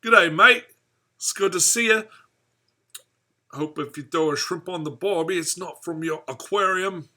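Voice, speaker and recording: Man doing a hammy mock-Australian bloke, cheery, much higher than his own voice, sharp bright tone. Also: a little slow, pauses often, heavily acted. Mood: jokey. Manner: cheery, exaggerated, jokey.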